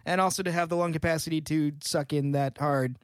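Podcast co-host, man, high voice, dry close sound, jokey, laughs easily. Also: fairly even intonation, smooth, dry recording. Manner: joking, quick to laugh. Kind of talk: casual chat.

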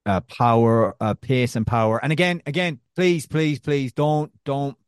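A man from Arkansas co-hosting a casual sports podcast, jokey and animated, often laughing. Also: mid-range voice, measured pace, clean tone, no echo, studio quality. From Arkansas, USA. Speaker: podcast co-host.

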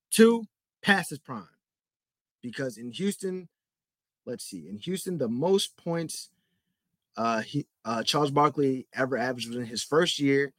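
Recorded with no room sound, a young man with a slightly high voice runs a solo sports talk podcast. His rant wanders and heats up, full of repetition and littered with "like" and "bro."

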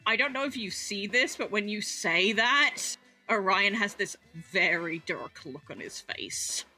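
Bright-voiced woman playing a tabletop game. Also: mid-range voice, a little slow, faint music behind. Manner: animated, swearing, laughing. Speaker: player. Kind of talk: tabletop role-play chat.

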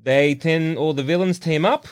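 An Australian man co-hosting a podcast, recapping a story in relaxed casual chat. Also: a little high, normal speed. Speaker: podcast co-host.

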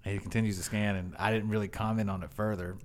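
A man's voice: fairly low pitch, steady tone, fast, slight background noise. A man co-hosting a podcast, telling a story in casual chat and breaking into laughter often. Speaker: podcast co-host.

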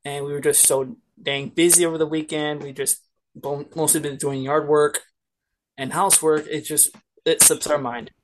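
A guest in a casual group chat on a video call, slow and easygoing. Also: mid-range voice, little pitch movement, a little hiss or hum.

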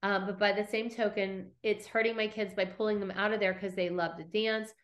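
A middle-aged woman hosts a casual podcast and speaks into a podcast mic. She recaps old scenes with lively storytelling, acts out each quote, and swears freely. Her voice sits at an ordinary, mid-range pitch. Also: fairly quick. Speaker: podcast host recapping episodes.

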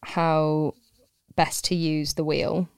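A woman chatting easily as a podcast guest, rambling and self-deprecating and laughing often. Her voice sits low with a gravelly fry, and the sound is dry and close. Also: level tone, slow pace, darkish tone, dry recording. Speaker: guest, pottery teacher. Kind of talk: casual podcast chat.

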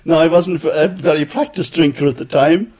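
A man's voice: a little high, normal speed, a little mellow, breathy edge. An older man telling anecdotes in an interview, acting out other people's words. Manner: anecdotal, acts out quoted voices. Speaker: interviewee, former journalist. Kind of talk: storytelling interview.

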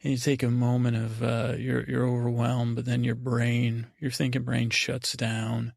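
A man's voice: mid-range voice, monotone, a little slow, gravelly, no echo, studio quality. A man hosting a podcast, giving a meandering, hesitant bedtime recap full of fillers and restarts. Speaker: podcast host.

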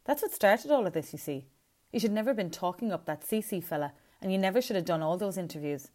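A woman's voice: low voice, fairly quick, a little mellow, natural voice. A woman voicing an older, grim mother who scolds her son bluntly. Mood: grim scolding.

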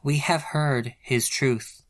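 A man's voice: mid-range voice, fairly even intonation, slow pace, lightly acted. A man voicing a female wolf pack leader who addresses her pack in grand, solemn speeches. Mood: commanding.

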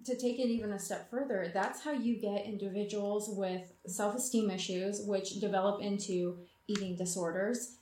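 A woman's voice: medium pitch, steady tone, moderate pace, dark tone, echoey room, slight background noise. A woman in casual conversation, speaking frankly and with animation. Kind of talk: casual chat.

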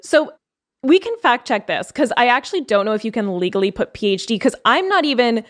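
A young adult woman co-hosting a podcast, talking fast and animatedly, often stopping to read quotes aloud. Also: on the high side, sing-song. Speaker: podcast co-host. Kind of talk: casual podcast chat.

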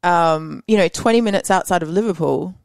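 A woman's voice: fairly low pitch, a little fast, creaky, darkish tone, no room sound, clean studio sound. An Australian woman in her thirties, a podcast guest chatting casually, laughing often and saying "like" a lot. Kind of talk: casual chat.

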